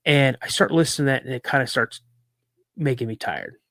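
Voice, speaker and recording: A man's voice: mid-range voice, brisk, no room sound. Man telling a story, dry close sound. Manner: lively storyteller, repeats words for emphasis. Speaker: podcast guest. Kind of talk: recounting a personal encounter story.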